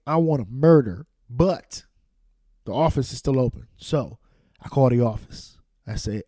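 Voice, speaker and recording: A man hosting a podcast, telling a loud, angry, profane comic rant into a studio microphone. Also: a little high, no echo. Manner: loud, angry, swearing storyteller. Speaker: podcast host.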